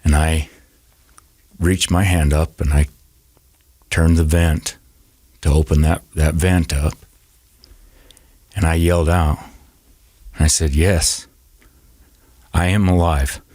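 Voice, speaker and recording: A man telling a personal story as a podcast guest, speaking haltingly and often repeating and restarting his words. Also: extremely low pitch, flat delivery, warm tone, dry recording.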